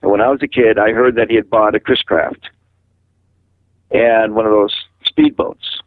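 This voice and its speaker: A man's voice: fairly low pitch, moderate pace, no echo. An older man from Massachusetts talks over a tinny, dry phone line, voice squeezed thin by the call. He rambles through stories and slips into the voices of the people he quotes. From Massachusetts, USA. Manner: animated storyteller who acts out quoted voices. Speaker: interviewee, musician. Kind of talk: rambling storytelling in a phone interview.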